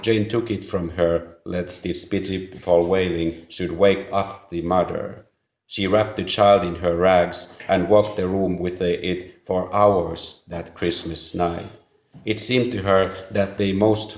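A man with a very deep voice reads a story aloud in a slow, measured way. His delivery is earnest, with a few small slips along the way. The sound is roomy and echoing. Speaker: narrator. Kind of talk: audiobook reading. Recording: roomy echo.

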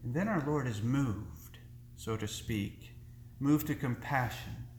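Male priest preaching a sermon at a slow, unhurried pace, earnest and deliberate, mid-pitched voice, echoing church room. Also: darkish tone, slight background noise.

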